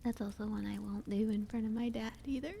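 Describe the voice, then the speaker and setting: A young woman on a live stream, chatting softly from her room at home, giggling and often dropping into whispers. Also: mid-range voice, fairly even intonation, brisk, gravelly, a little hiss or hum. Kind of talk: soft-spoken live stream chat. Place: room at home with family nearby.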